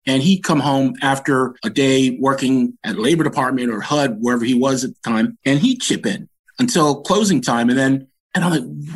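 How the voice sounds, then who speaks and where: A man's voice: medium pitch, normal speed, breathy edge. A man in his sixties from Washington, DC, a podcast guest telling stories about his upbringing in an earnest, reflective way. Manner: earnest, animated when recounting anecdotes. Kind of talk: reflective storytelling.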